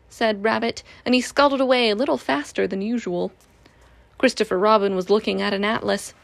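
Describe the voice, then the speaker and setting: A woman reading a children's storybook aloud in a gentle, even way. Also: medium pitch, fairly quick, creaky, dry recording.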